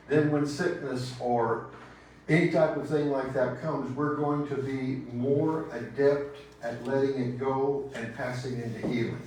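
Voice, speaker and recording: Gentle, slow-preaching Texan man in an echoey church. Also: medium pitch, a little hiss or hum. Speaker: pastor. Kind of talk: sermon. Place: church sanctuary. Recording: echoey church sanctuary, distant mic.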